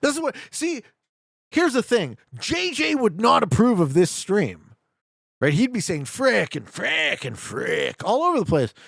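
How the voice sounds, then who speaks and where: Man in his 40s, streamer, joking and loud, gravelly high voice, very lively pitch. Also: normal speed, dry recording. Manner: loud, joking, laughing often, animated. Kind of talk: casual live-stream chat.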